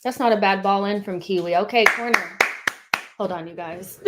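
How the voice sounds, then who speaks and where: A woman hosting a live football watchalong, chatting casually and shouting with excitement when her team does well. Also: mid-range voice, moderate pace, slight background noise. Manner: excitable, shouts at big moments, swears casually. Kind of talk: live match commentary with viewers.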